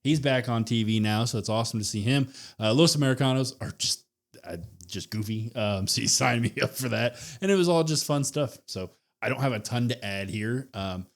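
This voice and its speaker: A man's voice: mid-range voice, brisk. Podcast co-host, male, mid-range voice, easygoing and chatty. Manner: relaxed, thinks aloud with fillers. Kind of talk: casual wrestling review chat.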